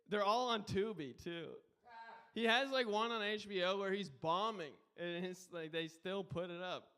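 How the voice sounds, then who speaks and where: A man's voice: fairly high pitch, pushed and bright, clean tone. A man guest hosting a live comedy show, doing a loose, rambling stand-up set. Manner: loose, rambling, says dude a lot.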